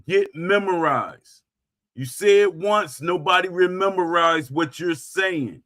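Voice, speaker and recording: A man with a high voice hosts his own livestream talk show. He rants casually and emphatically, hammering the same points over and over. He talks unhurriedly, with lots of restarts. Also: measured pace, fairly bright tone. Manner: emphatic and repetitive, circling back to points. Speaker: host of a gaming talk stream.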